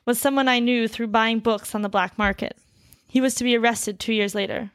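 A woman reading a translated story aloud at a steady pace, breaking off now and then to chat casually. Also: a little high, moderate pace, no echo, studio quality. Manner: reads steadily, then chats loosely with fillers and laughs. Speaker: reader of a story.

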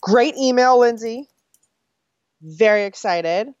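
Woman, podcast co-host, casual chat, animated pitch, chatty, slightly dull dry recording. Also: slow pace, no echo. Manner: chatty, a bit scattered, reads listener mail aloud.

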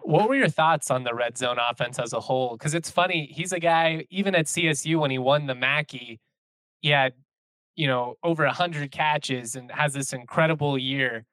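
A man's voice: fairly high pitch, moderate pace, fairly bright tone, dry recording. A man hosting a casual sports podcast, conversational, asking questions and reacting. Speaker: podcast host.

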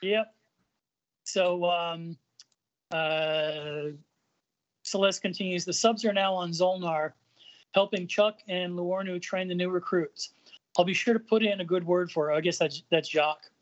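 A man's voice: high voice, steady tone, measured pace. A man on a podcast recapping a comic book, reading the characters' lines aloud with lots of ums and uhs. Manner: hesitant, many ums and uhs, reads quotes lightly acted. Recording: dull lo-fi audio.

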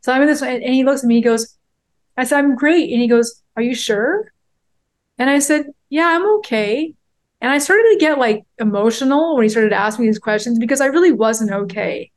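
A woman's voice: on the high side, a little fast. A woman in her forties, a podcast guest, telling a personal story in a heartfelt, rambling way with many fillers. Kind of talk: candid interview storytelling.

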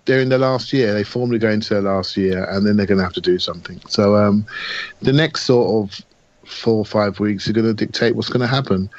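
A man talking football as a podcast pundit, thoughtful and halting with many restarts. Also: on the low side, dry recording, highs cut off. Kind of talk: casual chat.

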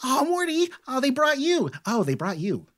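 A man's voice: fairly high pitch, very animated, fast, slightly rough. A man voicing a cheeky, playful female halfling rogue who talks in a perky, teasing way.

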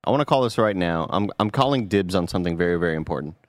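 A man's voice: deep voice, expressive, very fast, no room sound, clean studio sound. Joking male podcast host reading super chats. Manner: joking, does mock accents while reading. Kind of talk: casual podcast banter.

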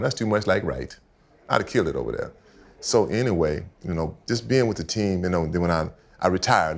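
Deep gravelly older man telling stories. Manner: animated storyteller, repeats himself, acts out quotes. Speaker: guest, retired football player. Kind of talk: casual storytelling chat. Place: house set for a podcast.

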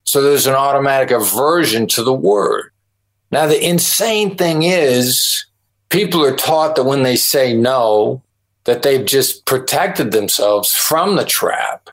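A middle-aged man answers interview questions on a podcast. He explains firmly and emphatically, acting out sample lines of dialogue. His pitch sits in an ordinary middle range. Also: poor audio. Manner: emphatic, explanatory, acts out example phrases. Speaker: negotiation expert guest.

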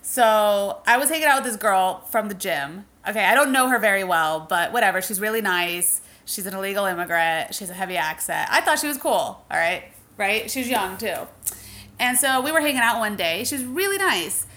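A woman guest on a podcast telling a story in a lively, chatty way. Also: medium pitch, fairly quick. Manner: animated, chatty, acts out quotes. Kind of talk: casual storytelling chat.

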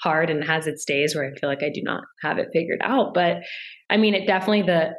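A woman's voice: low-pitched, fast. A young woman chatting casually as a podcast guest, leaning on lots of filler "like"s. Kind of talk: casual interview chat.

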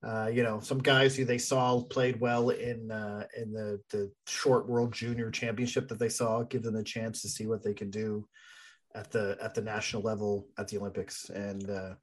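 A man's voice: lowish voice, flat delivery, moderate pace. Rambling, hesitant podcast man. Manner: rambling, hesitant, laughs often. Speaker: podcast co-host. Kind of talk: casual sports chat.

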